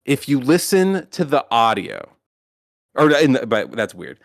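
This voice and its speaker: A man co-hosting a podcast, talking casually in a rambling, profane, animated way with lots of restarts. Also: mid-range voice, unhurried, creaky, no echo, clean studio sound. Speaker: podcast co-host.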